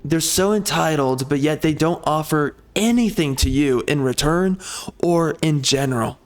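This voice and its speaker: A man hosting a gaming channel, venting in an angry, profane rant with halting restarts and frequent swearing. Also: a little high, soft background music. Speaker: gaming channel host and author. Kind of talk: frustrated rant over gameplay.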